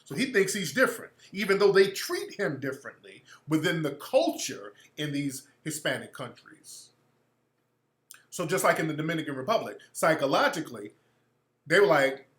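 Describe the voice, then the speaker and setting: A male radio host rants in a blunt, profane monologue, often restarting and repeating himself. His voice sits high and sounds bright and sharp. The room around him is echoey. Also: sing-song, moderate pace. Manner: acts out quoted people in mocking voices. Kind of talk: opinionated talk radio monologue.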